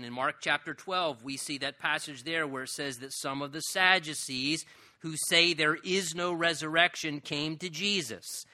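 Bright-voiced male pastor preaching emphatically. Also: a little high. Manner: emphatic preaching, swelling on key phrases. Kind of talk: sermon.

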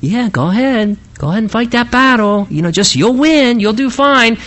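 A man's voice: extremely high pitch, lively intonation, moderate pace, fairly bright tone, voice pushed up. A man voicing a sarcastic male prophet who mocks a king in a sing-song tone.

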